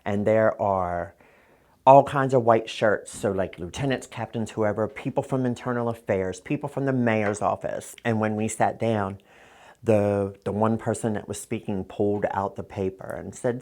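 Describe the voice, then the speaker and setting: A woman's voice: rumbling low, moderate pace, mellow. A middle-aged woman from Philadelphia, a trans activist telling her own story in a blunt, candid interview, swearing freely and acting out what others said.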